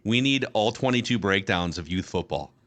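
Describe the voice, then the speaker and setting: A man hosting a football podcast, asking questions in a teasing, quick-witted way. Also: fairly low pitch, lively intonation, a bit bright. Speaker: podcast host. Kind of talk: casual podcast chat.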